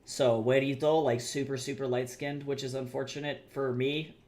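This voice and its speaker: With a rumbling low voice at a moderate pace, an American streamer draws while chatting, swearing and rambling through lively stories.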